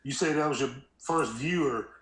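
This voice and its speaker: A man's voice: mid-range voice, normal speed, echoey room, crowd noise. A man calling in to a live stream, talking bluntly and emphatically and mocking others by imitating them. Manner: blunt, emphatic, mocks opponents in put-on voices. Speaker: caller. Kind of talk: casual phone-in chat.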